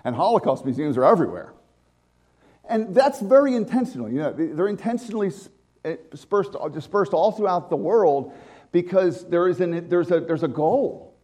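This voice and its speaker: A man's voice: on the high side, warm tone. A man preaching a conversational sermon to a congregation, with asides and restarts. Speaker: pastor.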